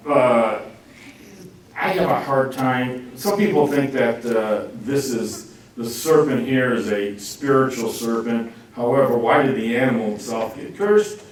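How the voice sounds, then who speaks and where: A man giving an informal Bible class, joking and acting out quotes in lively swings of voice. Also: unhurried. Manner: jokey, animated, acts out quotes with lively pitch swings. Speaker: Bible teacher. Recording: roomy echo, speaker far from mic, faint noise.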